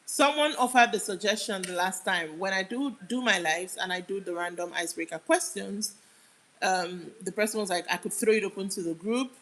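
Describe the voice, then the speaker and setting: A woman's voice: medium pitch, normal speed, fairly bright tone, low-quality recording. A young woman from Nigeria with a Nigerian accent, hosting a casual livestream and chatting as she answers viewer comments. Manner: chatty, answers comments aloud, drifts off mid-sentence. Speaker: livestream host.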